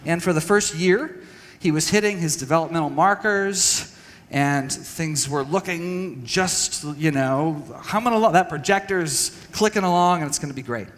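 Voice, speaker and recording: Guy from texas talking to a church crowd, kinda high voice, rambly and self-deprecating, echoey hall. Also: moderate pace, fairly bright tone. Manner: candid, self-deprecating, many fillers and restarts. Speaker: speaker at a church parenting session. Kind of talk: personal talk to an audience. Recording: long hall reverb.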